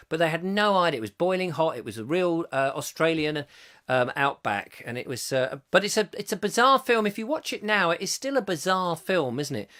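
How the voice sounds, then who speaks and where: English male host, bright higher voice, rambling jokey chat. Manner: rambling, jokey, reads viewer comments aloud. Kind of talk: casual live-stream chat.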